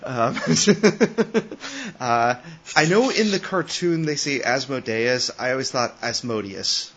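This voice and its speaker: A man's voice: a little high, very animated, slow pace, slightly rough. A man co-hosting a casual book discussion podcast, joking and laughing often. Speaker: podcast co-host.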